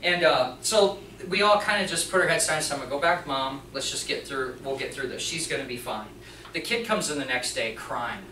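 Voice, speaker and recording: A mechanics teacher giving an animated storytelling talk to an audience, acting out the other people in the story. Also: mid-range voice, brisk, a little hiss or hum. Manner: animated, acts out the dialogue of others. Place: presentation room before an audience. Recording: echoey room, voice from a distance.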